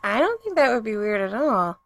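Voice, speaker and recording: A woman's voice: on the high side, animated, moderate pace, vocal fry. A woman playing a nervous young male vampire. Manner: breathless and strained.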